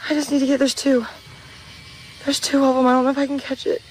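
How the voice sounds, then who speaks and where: A woman filming herself outdoors in dark woods at night on a handheld camera, talking to viewers in a frightened, pleading, panicky way and swearing. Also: high-pitched, flat delivery, fast, slight background noise. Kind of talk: frightened live commentary to viewers.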